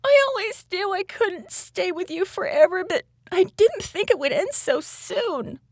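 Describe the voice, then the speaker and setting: A woman voicing a curious, brave little girl with a high, excited voice in a storybook. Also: normal speed, dry recording, studio quality. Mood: wistful.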